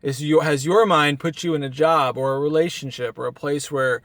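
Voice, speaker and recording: A man with a slightly raised pitch talks straight to camera in a dry, close recording. He is short on sleep but pushing his energy up, earnest and a little rambling as he restarts his sentences. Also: steady tone, normal speed, a bit bright, no room sound. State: tired from no sleep. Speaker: motivational vlogger. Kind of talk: casual motivational monologue. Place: outdoors at a beach town. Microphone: camera mic.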